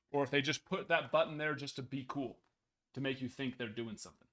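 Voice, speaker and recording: A man's voice: mid-range voice, brisk, a bit bright. A man hosting a card break stream, rambling casually with jokey mock outrage. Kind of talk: casual live-stream chat.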